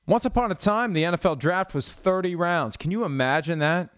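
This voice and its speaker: A man's voice: high-pitched, brisk, fairly bright tone. A middle-aged man hosting a football talk show, telling stories in a rambling, wry, sarcastic way. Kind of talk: casual sports commentary monologue. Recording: slightly dull lo-fi audio.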